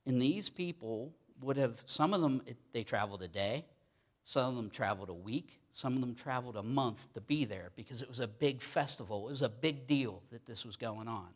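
A man's voice: mid-range voice, fairly quick. Pittsburgh-accented man preaching casually. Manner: conversational preaching, frequent "okay?" check-ins. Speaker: pastor. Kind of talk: sermon.

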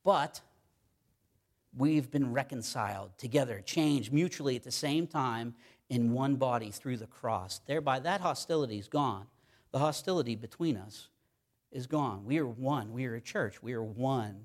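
Male pastor, mid-pitched voice, emphatic sermon delivery, repeats key lines, reads verses slowly.

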